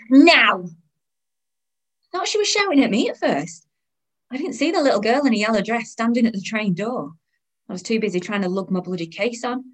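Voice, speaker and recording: Wry woman narrating. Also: medium pitch. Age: 30s. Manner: wry, weary and sardonic. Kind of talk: first-person audio drama narration.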